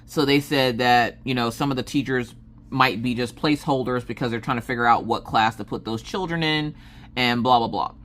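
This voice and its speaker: A woman's voice: rumbling low, moderate pace, a bit bright. A woman craft vlogger in a casual chat, telling a rambling story with many fillers and restarts.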